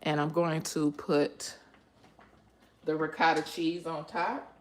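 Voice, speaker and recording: A woman hosting a live cooking stream from her home kitchen. She talks to her viewers in an emotional way and breaks into breathy exclamations. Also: deep voice, little pitch movement, takes it slowly, a little hiss or hum. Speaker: cooking channel host.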